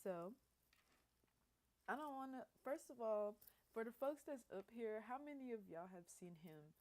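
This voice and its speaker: A woman's voice: a little high, animated, moderate pace, darkish tone. Chatty young woman hosting a livestream. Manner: loose, chatty, slangy, addresses viewers as y'all. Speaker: livestream host. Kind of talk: casual livestream chat.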